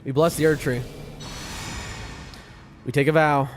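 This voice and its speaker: A man streaming gameplay live. He talks to his chat with excitable, jumpy commentary, yelping at big moments and muttering in between. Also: fairly high pitch, a little slow. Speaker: gaming streamer. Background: game music.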